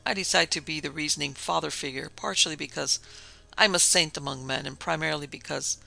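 Gravelly, wry male storyteller. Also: on the high side, a little fast, pushed and bright, low-quality recording. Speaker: narrator. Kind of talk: scripted narration.

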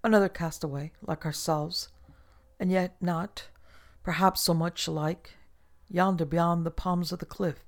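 A man's voice: a little high, fairly even intonation, measured pace. A man reading aloud, voicing a long-marooned old castaway who talks in a surly, terse, old-fashioned way.

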